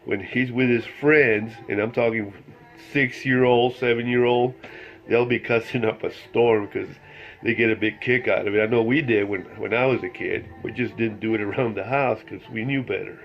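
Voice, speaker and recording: A man's voice: mid-range voice, fairly even intonation, normal speed, dull audio, faint music behind. An older man, a grandfather, talking in a folksy, meandering way and telling a joke for his family. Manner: folksy, meandering, tells jokes with quoted voices. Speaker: grandfather recording videos for family. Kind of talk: rambling storytelling to camera.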